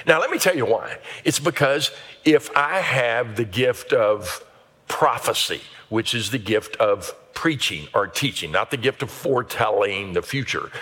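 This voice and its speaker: A middle-aged man preaching a sermon as a pastor, animated and acting out the voices of the people in his examples. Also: medium pitch, slightly rough.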